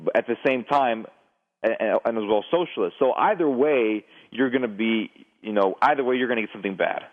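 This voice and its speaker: A man's voice: medium pitch, fairly quick. A man giving a lecturing explanation as a guest on a radio show, often stammering and restarting his sentences. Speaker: guest expert on terrorism. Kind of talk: radio phone interview. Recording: tinny phone line.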